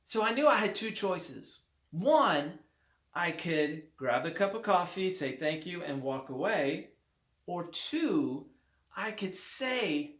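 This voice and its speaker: A man who writes motivational books telling a personal anecdote to his viewers in an upbeat, lively way with emphatic repetition. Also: high voice, slow pace. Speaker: motivational author. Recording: roomy echo.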